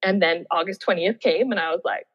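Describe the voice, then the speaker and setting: Animated woman telling a story, reverby sound. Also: fairly low pitch, brisk. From Australia. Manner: animated, laughs often, acts out her past thoughts. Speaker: guest, former Olympian. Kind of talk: casual storytelling interview. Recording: dull, muffled audio with long reverb.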